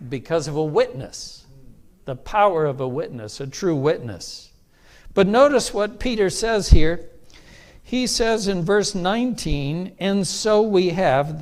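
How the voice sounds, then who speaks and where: Male pastor, slightly higher-pitched voice, easygoing storyteller in a church sermon. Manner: relaxed anecdotal storytelling, often says "and so on and so forth".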